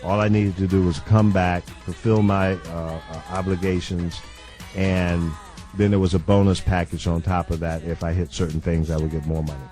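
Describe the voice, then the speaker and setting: A man, a radio veteran, calmly recounting his career in a casual interview. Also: low voice, normal speed, soft background music.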